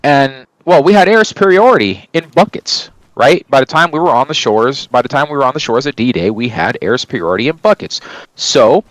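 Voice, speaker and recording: A man's voice: medium pitch, big pitch swings, brisk, dry recording, rough recording. A man streaming and telling a long story in casual chat, rambling and swearing, often checking in with "right?". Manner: rambling, profane, keeps asking "right?".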